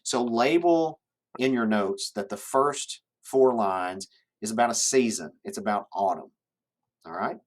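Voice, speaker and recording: A man's voice: lowish voice, measured pace. A male teacher giving a classroom lecture, explaining step by step and checking in with his students. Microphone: camera in classroom.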